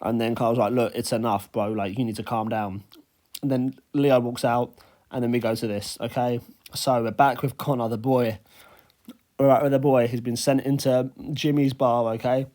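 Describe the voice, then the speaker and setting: A young man recapping a video game he played, talking fast and excitedly and saying "bro" a lot. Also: mid-range voice. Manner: animated, says "bro" constantly. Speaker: gaming YouTuber.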